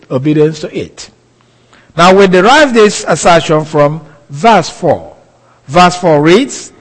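A man giving a sermon in a slow, deliberate, emphatic way. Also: high voice, long reverb tail, poor audio. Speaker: preacher.

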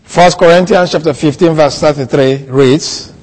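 A man preaching an expository sermon, teaching in a deliberate way and repeating key points for emphasis. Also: fairly high pitch, lively intonation, breathy edge. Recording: long reverb of a hall.

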